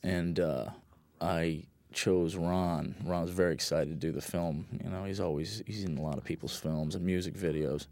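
Deep-voiced man rambling through a film commentary. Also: a little mellow, no room sound. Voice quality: rambling, lots of fillers, laid-back and blunt. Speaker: film director giving commentary.

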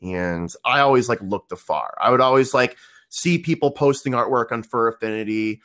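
A man's voice: mid-range voice, moderate pace, fairly bright tone. Rambling man in his thirties. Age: 30s. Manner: rambling, many fillers and restarts. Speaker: podcast guest. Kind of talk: casual storytelling.

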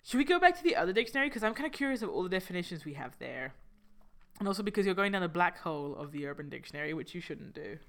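A woman co-hosting a casual podcast chat, self-deprecating and giggly, telling family stories with lively exaggeration. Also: fairly low pitch, racing. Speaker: podcast co-host.

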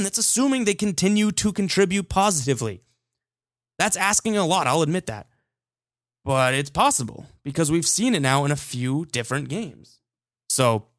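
A man's voice: mid-range voice, dry recording, clean studio sound. A man hosting a sports podcast, talking casually and with strong opinions, often restarting his sentences. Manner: animated, opinionated, with frequent restarts. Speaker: podcast host.

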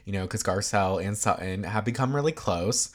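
A man's voice: fairly low pitch, a little fast. A man casually recapping a reality TV episode, chatty and opinionated, with lots of filler words.

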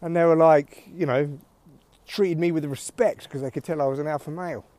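A man's voice: on the high side, steady tone, fairly quick, warm tone, a little hiss or hum. A man hosting a solo podcast, rambling through a dry, self-mocking comic monologue. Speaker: podcast host.

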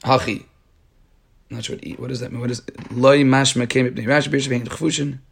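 Guy going through a talmud page, reading, mid-pitch voice, stops and restarts to explain in english. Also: fairly even intonation, fairly quick, creaky, slightly rough. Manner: reads Aramaic aloud, then explains in English with frequent restarts. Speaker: Talmud teacher.

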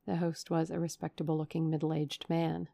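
A woman narrating a classic novel in a measured, expressive reading into a studio microphone. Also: low voice, gravelly, dry recording. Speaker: audiobook narrator. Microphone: USB studio microphone.

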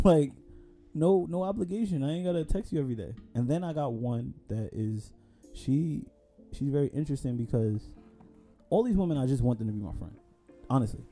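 A man's voice: mid-range voice, expressive, fairly quick, dark tone, soft background music. A man co-hosting a casual podcast chat, telling dating stories in loose slang and acting out the quoted lines. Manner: laid-back slang storytelling, acts out quoted dialogue. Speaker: podcast co-host.

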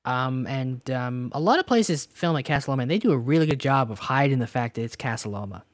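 Joking and animated, a Canadian podcast co-host chats casually with a friend. He speaks a little fast at a medium pitch, and the recording is dry.

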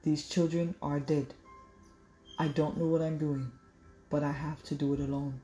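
A woman voicing a calm, focused teenage boy in an audiobook, quiet and firm. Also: low voice, normal speed, echoey room, faint music behind, close to an everyday voice.

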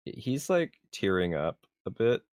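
Man player, slow, animated pitch, dry close sound, rambling. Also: dry recording. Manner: unhurried, rambling. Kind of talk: playing a tabletop game.

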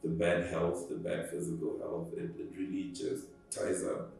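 A man's voice: low voice, sing-song, normal speed, gravelly, a little mellow, very echoey, far from the mic, soft background music, rough recording. A Zimbabwean man answering interview questions reflectively and at length, with short laughs. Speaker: guest.

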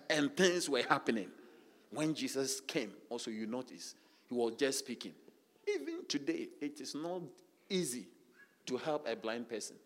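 A man's voice: medium pitch, big pitch swings, normal speed, fairly bright tone. A man preaching a sermon, emphatic and repetitive, calling out to the congregation with frequent hallelujahs. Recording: long reverb of a large hall.

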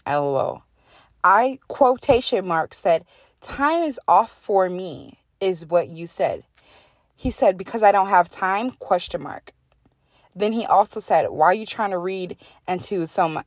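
A young woman with a slightly low voice tells a story in a loose, animated way, reading out text messages and swearing freely. She is close to the mic in a dry room with no echo. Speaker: podcast host. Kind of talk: casual storytelling chat.

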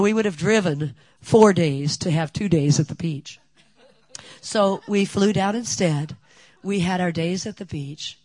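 Animated older woman telling a story. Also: sits low, slightly rough, no echo. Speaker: speaker at a women's gathering. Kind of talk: personal testimony talk.

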